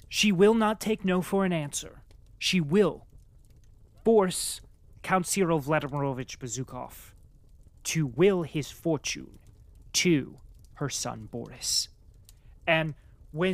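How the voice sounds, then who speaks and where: A man's voice: on the high side, no room sound. A man narrating a classic novel aloud and then chatting enthusiastically about the story. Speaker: audiobook reader and book commentator. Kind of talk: literary narration then casual commentary.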